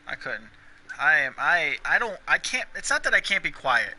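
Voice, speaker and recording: A young man with a very bright, sharp voice that sits a bit high, talking freely over a game. He is blunt and opinionated, swears a lot and breaks into loud laughs. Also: very animated, normal speed. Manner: frequent bursts of laughter. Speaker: gaming streamer. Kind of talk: casual chat while gaming.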